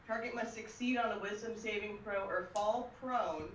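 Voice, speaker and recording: A woman's voice: medium pitch, moderate pace, a bit bright, recorded from a distance, muffled recording, a little hiss or hum. Woman, player, reads rules, off-mic, roomy echo. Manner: reads rule text steadily. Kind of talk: tabletop game play, reading rules aloud.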